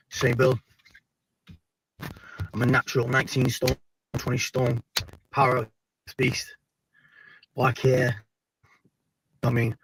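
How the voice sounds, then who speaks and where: A man's voice: medium pitch, creaky, slightly rough, no room sound, poor audio. A man speaking in a clip, boastful and rambling, thanking viewers and swearing when heated.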